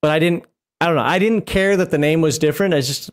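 A man's voice: fairly high pitch, quick pace. A man co-hosting a casual chat about a tabletop game, teasing and laughing often. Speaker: podcast co-host.

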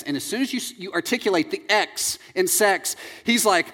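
A man in his thirties preaching a sermon, animated and jokey, acting out little scenes as he tells them. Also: high voice, fairly quick, few pauses. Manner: animated, jokey storytelling with acted-out quotes. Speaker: pastor. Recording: long reverb in a large hall.

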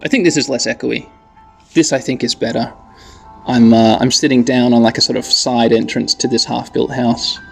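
Brief: male podcast host, gravelly, rambling, relaxed game narration. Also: mid-range voice, moderate pace, faint music behind. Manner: rambling, relaxed, self-correcting. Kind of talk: casual sleep-podcast narration. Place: side entrance of a half-built house.

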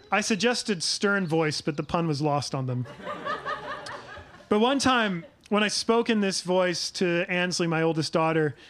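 A middle-aged pastor gives a sermon in a fairly high, fairly bright voice. He is earnest and measured, pausing on important phrases and asking his congregation questions.

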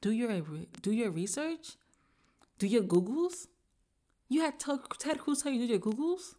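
A woman hosting her own podcast, talking in a casual, slangy, animated way and swearing freely as she rants with exasperation. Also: fairly high pitch, moderate pace. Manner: slangy informal speech. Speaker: podcast host. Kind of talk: casual solo podcast rant.

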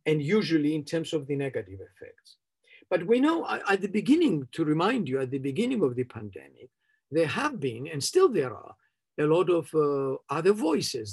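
A man reflects aloud in an interview, his voice a touch higher than most with a gravelly crackle. The tone is husky rather than clean. He hesitates often, circling back on phrases as he searches for what he means. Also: a little mellow. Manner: hesitant, searching for words with many restarts and short laughs. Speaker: interviewee speaking on trauma. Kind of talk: unscripted interview answer.

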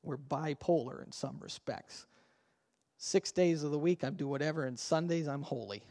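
A man's voice: on the high side, moderate pace, vocal fry, warm tone, long reverb tail. A man preaching a sermon as pastor, talking conversationally and asking the congregation questions. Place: church sanctuary.

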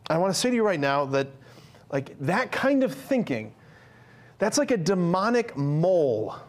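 A man's voice: high voice, very animated, normal speed. A man giving an earnest, conversational sermon to men, with frequent fillers and restarts.

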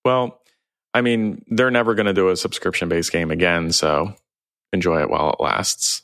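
Male podcast host, very low voice, casual, reads listener mail. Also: fairly even intonation, normal speed, no echo. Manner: reads listener feedback and shout-outs. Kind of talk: casual chat. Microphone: remote call recording.

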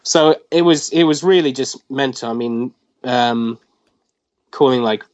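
In a dull, lo-fi recording with no reverb, a twentysomething man who draws comics tells a story as an interview guest. He speaks unhurriedly at a medium pitch, rambling animatedly and leaning heavily on fillers.

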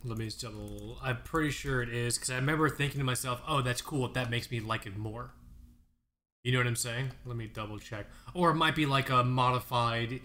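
Bright guy in his 30s, chatty host, swears a lot, acts out what people said. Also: mid-range voice, brisk. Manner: animated storyteller, swears, acts out quotes. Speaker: podcast co-host. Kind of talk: casual chat.

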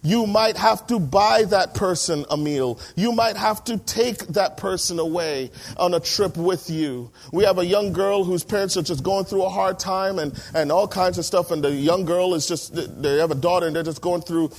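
Man, 30s, pastor, sermon, animated, emphatic, fairly high voice. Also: slight background noise. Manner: animated, acts out quoted voices, slows for emphasis.

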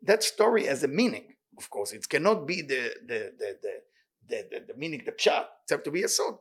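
Excitable male Torah teacher, rapid speech, slightly high voice, reads Hebrew fast and then translates. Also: breathy edge. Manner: animated, excitable delivery. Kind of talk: weekly Torah study class.

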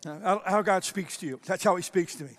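A pastor preaching a sermon, telling a personal story in an animated way and acting out the people in it. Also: male voice, sits high, fast talker. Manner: animated storytelling, acts out quotes. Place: church sanctuary. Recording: long church hall reverb.

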